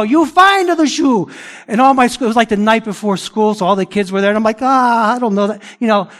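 A middle-aged man preaching a sermon, emphatic and repeating phrases for stress. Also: high-pitched. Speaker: pastor.

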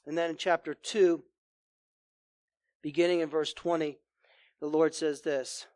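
A man preaching a sermon in a high voice, reading scripture aloud and then driving his points home with earnest emphasis. The sound is close and dry, with no room echo. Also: flat delivery, measured pace, darkish tone. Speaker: pastor.

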